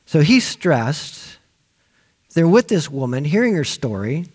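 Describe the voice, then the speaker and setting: A male pastor preaching a sermon, telling a story with lively acted-out voices for the people in it. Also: on the high side, slow. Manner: animated storytelling, acting out quoted voices.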